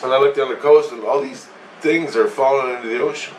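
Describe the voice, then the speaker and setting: Casual low-voiced guy telling a dream, loose and sweary, echoey room with a faint ac hum. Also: brisk, recorded from a distance. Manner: casual, meandering, swears freely. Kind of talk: rambling dream recounting.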